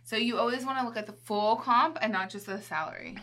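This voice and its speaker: A woman talks casually as a podcast guest, with a bright and forceful voice. She is talkative and keeps tagging her points with "right?". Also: on the high side, fast talker. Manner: talkative, often checks in with "right?".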